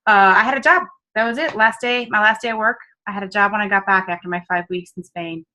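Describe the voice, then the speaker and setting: A woman with a Midwestern accent recounts her past in a loose, talkative interview. Her voice is bright and tense, and she throws in lots of asides and fillers. She mocks herself easily and keeps the story rolling. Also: medium pitch, fast talker, rough recording. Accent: Midwestern American. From American Midwest. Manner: chatty and self-mocking, full of fillers and quoted asides. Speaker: business consultant guest.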